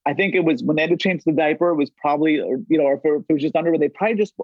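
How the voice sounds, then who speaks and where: A man's voice: a little high, rapid-fire, dry recording. A man in his forties, a podcast guest, telling loose, rambling stories with lots of "like" and free swearing. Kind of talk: casual storytelling chat. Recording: dull, dry lo-fi audio.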